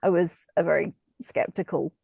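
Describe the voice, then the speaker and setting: A woman's voice: on the low side, steady tone, normal speed, creaky, no echo, lo-fi sound. A woman host asking thoughtful, probing questions in a casual interview. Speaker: podcast host.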